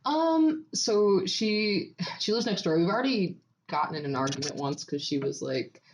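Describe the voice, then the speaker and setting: A woman's voice: fairly low pitch, lively intonation, normal speed, a little hiss or hum. A young woman co-hosting a podcast, telling a story in casual chat with frequent laughs. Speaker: podcast co-host.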